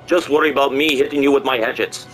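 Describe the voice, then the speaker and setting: A man's voice: mid-range voice, steady tone, quick pace, fairly bright tone, faint music behind, natural voice, poor audio. Man doing a Russian-accented huntress. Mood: boastful.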